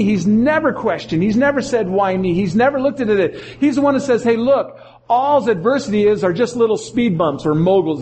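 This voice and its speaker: A middle-aged male pastor preaching a sermon, telling stories in an animated way and acting out the quotes. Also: extremely high pitch. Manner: animated storytelling, acts out quotes.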